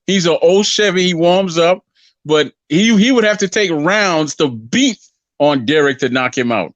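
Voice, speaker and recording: A man's voice: on the high side, expressive, measured pace, dry recording, lo-fi sound. A man co-hosting a casual boxing talk show, rambling and repeating himself as he argues his predictions. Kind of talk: casual sports debate.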